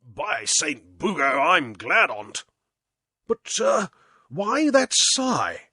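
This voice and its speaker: A British man reading aloud, voicing a tough old male crusader knight who swears slow, emphatic oaths. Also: a little high, huge pitch swings, sharp tone, full character voice. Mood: hearty.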